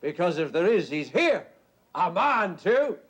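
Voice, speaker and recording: An actor playing a drunk, boastful middle-aged Orangeman tenant, swaggering and loud. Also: high voice, sing-song, a little slow, slightly rough, heavily acted. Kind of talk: stage play acting.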